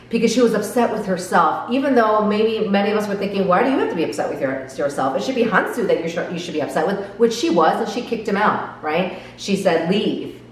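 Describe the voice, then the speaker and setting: A woman's voice: medium pitch, recorded from a distance, slight background noise. A woman giving earnest, reflective commentary on a drama episode, often asking her viewers direct questions. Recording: echoey room, voice off-mic, faint background.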